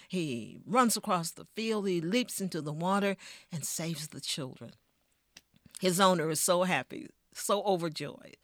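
A woman storyteller, telling a tale with expressive, rhythmic delivery and then talking in an interview. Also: dry recording, clean studio sound. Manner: expressive, rhythmic storytelling with wide swings in pitch and volume. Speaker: storyteller guest.

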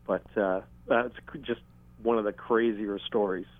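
A man being interviewed about documenting sharks, telling stories at an unhurried, halting pace with dry humor. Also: fairly low pitch, fairly even intonation. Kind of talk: conversational interview storytelling. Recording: tinny phone-line sound.

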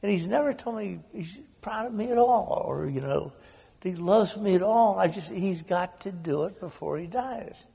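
A man's voice: expressive, moderate pace, creaky, hardly any pauses, darkish tone, husky, in a large hall, exaggerated voice. A man in his sixties putting on the voice of a distraught woman pleading with her dying father. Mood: tearful. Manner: shrill, desperate pleading.

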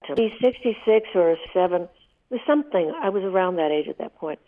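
A woman's voice: on the low side, lively intonation, fairly quick. A woman in her eighties, a guest telling heartfelt stories in an emotional, vivid way during a radio interview. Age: 80s. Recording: tinny phone line.

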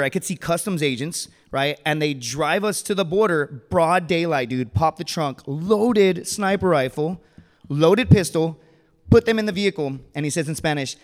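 A former Marine telling a casual, animated story at a live storytelling show, acting out the people in it. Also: male voice, a little high, in a large hall. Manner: animated, casual, acts out voices.

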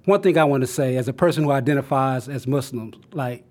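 A middle-aged man with a mid-range voice talks in a calm, measured way. He shares a reflective personal account at a round table. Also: medium pitch.

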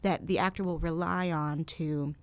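A woman stage actor explaining her craft as a radio guest, with fillers and drawn-out words. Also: low voice, steady tone.

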